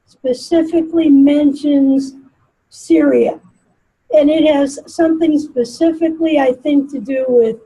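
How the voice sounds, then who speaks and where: A woman's voice: sits high, warm tone, rough recording. A woman moderating a meeting who asks questions into a built-in computer microphone, in a friendly, slightly self-conscious manner. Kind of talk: casual meeting talk.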